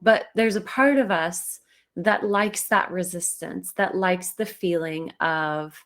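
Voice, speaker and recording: A woman's voice: lowish voice, slow, fairly bright tone. A woman hosting a spiritual livestream in a casual, reflective way, laughing easily as she talks.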